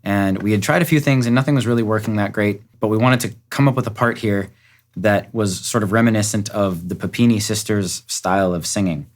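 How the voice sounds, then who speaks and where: This upbeat, enthusiastic walkthrough of a song's production comes from a man who is a music producer and recording engineer. His pitch is fairly low and his pace a little fast, and the track plays faintly behind him.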